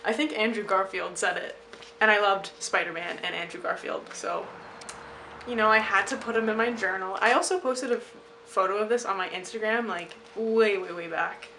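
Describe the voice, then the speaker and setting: A young woman talks casually to camera in a bright, crisp voice. She is chatty and quick to poke fun at herself. Her pitch sits in a middle range for a woman. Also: slight background noise, low-quality recording. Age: young adult. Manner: chatty and self-mocking, laughing at herself. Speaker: vlogger.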